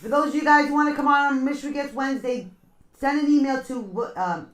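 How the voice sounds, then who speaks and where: Woman, stream host, chatty, talks to viewers, crisp bright tone, echoey room. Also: on the high side. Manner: chatty, addresses viewers directly. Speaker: live-stream radio host. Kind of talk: casual chat with viewers. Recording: roomy echo.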